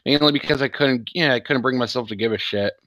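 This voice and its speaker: A man's voice: medium pitch, fast, fairly bright tone, no echo, rough recording. Man, podcast co-host, casual crude chat, grumbling, swearing. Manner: grumbling, profane.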